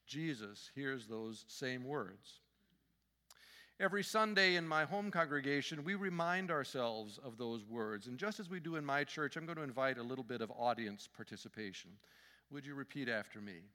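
Bright-voiced man preaching in a church. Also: fairly high pitch, expressive, moderate pace, in a large hall. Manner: friendly, joking, conversational. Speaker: guest speaker, fundraising consultant. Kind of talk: sermon with humor. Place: church sanctuary.

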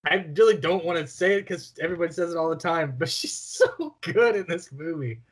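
A man's voice: a little high, expressive, brisk. A man co-hosting a casual film podcast, enthusiastic and loose, calling his friend "dude" and "bro". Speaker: podcast co-host.

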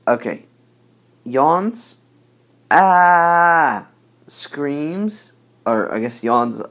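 Slow-talking laid-back male podcast host. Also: mid-range voice, vocal fry, slightly rough. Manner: rambling, laid-back, self-correcting. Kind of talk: casual podcast monologue.

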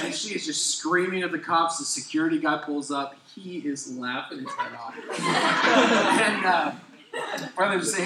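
A man's voice: on the high side, expressive, a little fast, reverberant, very noisy. A young adult man, a pastor, telling a funny story in a sermon, acting out quotes and laughing as he goes.

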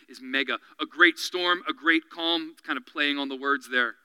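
A man preaching a sermon as pastor, animated, dropping to quiet intense asides and acting out quoted voices. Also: a little high, normal speed, hardly any pauses, clear, resonant tone, no echo, poor audio. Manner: acts out quoted voices and dialogue.

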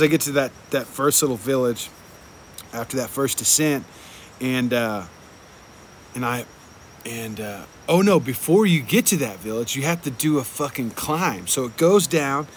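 Young guy rambling about his ride, cussing a lot, says like and dude every other word, normal mid voice, bit of faint noise behind. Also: medium pitch. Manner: laid-back, heavy swearing, lots of "like" and "dude". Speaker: traveling motorcycle vlogger. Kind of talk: casual rambling travel storytelling.

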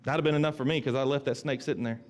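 A man's voice: mid-range voice, steady tone, racing, slight background noise. A middle-aged male pastor preaching a sermon in a conversational way, often repeating himself and acting out the voices he quotes.

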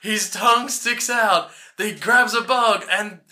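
A man's voice: sits high, slow pace, sharp tone. A man co-hosting a podcast, rambling through a film recap with lots of filler words. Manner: rambling, many "like" fillers, laughs easily. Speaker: podcast co-host. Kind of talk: casual chat recapping a film.

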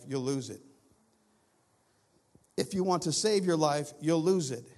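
A male guest pastor preaching a sermon with repeated, building phrases, moving between loud urgent passages and hushed low ones. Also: a little slow, long pauses.

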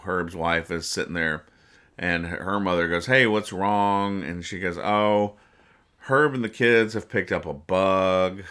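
A man hosting a comedy podcast, casually retelling comic strips with jokey asides and quick quoted voices. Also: deep voice, pushed and bright, clean tone. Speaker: podcast host reading comics.

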